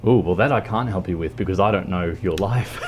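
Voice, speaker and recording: An Australian man chatting casually with viewers while streaming a game, halting and full of ums and restarts. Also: low-pitched, darkish tone, a little hiss or hum. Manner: hesitant, many ums and restarts. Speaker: livestreamer. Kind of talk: casual chat while gaming.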